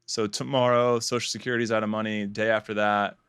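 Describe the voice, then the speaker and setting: A man's voice: on the low side, flat delivery, a little fast, a bit bright, clear, resonant tone, no room sound, clean studio sound. A man co-hosting a casual podcast chat, joking and sarcastic, laughing often. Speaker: podcast co-host.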